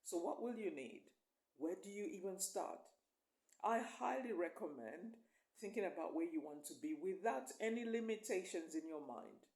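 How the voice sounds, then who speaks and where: A woman's voice: on the low side, expressive, moderate pace, darkish tone, roomy sound. A woman life coach giving an emphatic, coaxing motivational talk to camera, often checking in with the listener.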